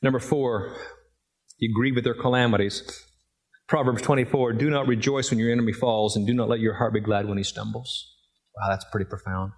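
A middle-aged man delivers a sermon in an ordinary mid-range voice. He moves from gentle storytelling into emphatic, rising points. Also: medium pitch, steady tone, a little fast. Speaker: pastor.

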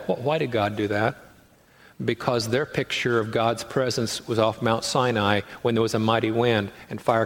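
Male pastor preaching in a reverberant hall. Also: fairly low pitch. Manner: conversational preaching with acted-out quotes and rhetorical questions. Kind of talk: sermon.

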